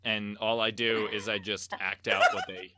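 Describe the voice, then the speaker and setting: A man's voice: lowish voice, level tone, moderate pace, very noisy. A man co-hosting a casual comedy show over a video call, reading out viewer tips and messages with self-mocking jokes. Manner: joking, self-mocking, reads donor messages aloud.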